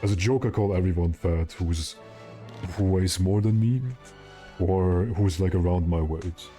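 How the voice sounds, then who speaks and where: Deep-voiced rambling man streaming a game. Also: measured pace, mellow, faint music behind. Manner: rambling, joking, answers chat. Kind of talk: casual stream chat with viewers.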